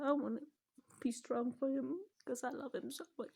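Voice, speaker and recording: A woman's voice: high voice, fairly even intonation, moderate pace, gravelly, mellow, breathy edge. A middle-aged mother recording a vlog, tearful and close to crying, her voice shaky and breaking, at times dropping to a whisper. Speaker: vlogger, mother. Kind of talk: emotional personal vlog.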